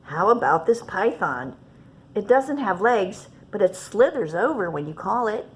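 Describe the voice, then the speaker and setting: A woman's voice: mid-range voice, sing-song, measured pace, slight background noise. A woman reading a pushy shelter salesman. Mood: eager. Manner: eager salesman patter. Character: pushy male animal shelter keeper.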